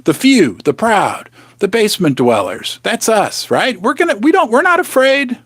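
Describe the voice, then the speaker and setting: A man hosts a casual live stream, talking in a lively, swooping voice that sits a little high. He is chatty and teasing, and sometimes drops to a whisper for effect. The sound is dry and close, with no room echo. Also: moderate pace, slightly rough. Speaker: host of a precious-metals live stream. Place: home basement studio.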